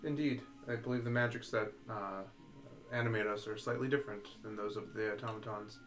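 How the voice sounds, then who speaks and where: An earnest, stiffly formal warforged played by a man in a tabletop game. He picks his words carefully and pauses with small hesitations. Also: on the low side, steady tone, fairly bright tone, soft background music, close to an everyday voice. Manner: formal, precise wording with hesitations.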